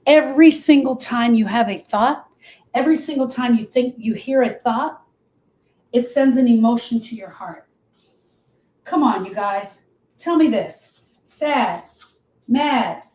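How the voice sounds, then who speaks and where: A woman's voice: fairly high pitch, a little slow, long pauses, a little mellow, roomy sound, rough recording. A woman grief coach teaching on a live show, emphatic and repetitive, speaking straight to her listeners.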